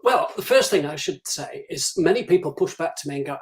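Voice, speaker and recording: A man's voice: on the high side, animated, a little fast, rough recording. A man speaking as the guest on a live-streamed interview, talking through business development advice and acting out the questions clients put to him. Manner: practical, advisory, acts out clients' questions.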